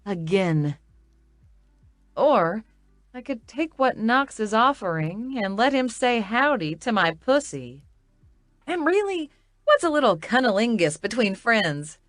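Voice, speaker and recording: A woman's voice: mid-range voice, no echo. A woman narrating a romance audiobook in the first person, with a wry, conversational inner-monologue manner.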